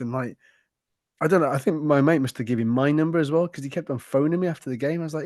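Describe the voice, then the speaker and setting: A man, co-hosting a football podcast and telling stories in an animated, cheeky, sweary way. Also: a little high, very fast, no echo, clean studio sound. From Wrexham, Wales. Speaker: podcast co-host. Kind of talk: casual football podcast chat.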